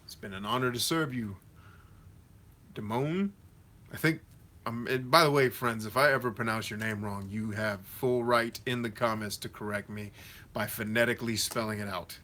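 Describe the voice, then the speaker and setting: A man's voice: fairly low pitch, steady tone, moderate pace, bright, forceful tone. A man hosting a casual livestream Q&A, answering viewers directly in a slangy, motivational coach tone. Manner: reads viewer comments aloud and answers them directly; slangy and conversational. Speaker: host of a live Q&A stream.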